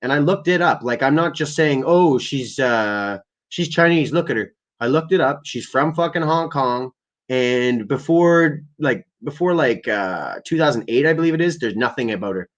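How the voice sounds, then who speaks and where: On his livestream, a young man from Canada goes on a loose, profane rant, wandering from point to point and packing in fillers. He talks at a normal speed with a medium-pitched voice.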